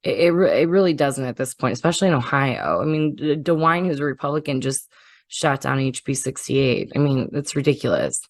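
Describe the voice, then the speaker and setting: A woman's voice: a bass voice, animated, a little fast, no room sound. A woman chatting casually on a podcast, bluntly and indignantly retelling a confrontation, with swearing.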